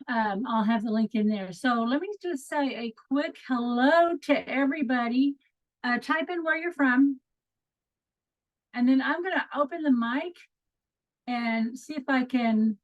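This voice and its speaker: A middle-aged woman from Texas with a Texan accent, hosting an upbeat, chatty online coaching call with easy fillers. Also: high voice. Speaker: host. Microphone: video call. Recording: lo-fi video call audio.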